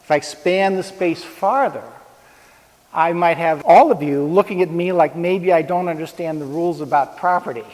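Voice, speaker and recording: A man's voice: on the high side, normal speed, darkish tone. Man lecturing in a reverberant hall. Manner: conversational, uses props and pointing. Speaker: speaker giving a talk on ethics. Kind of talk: informal lecture to a live audience.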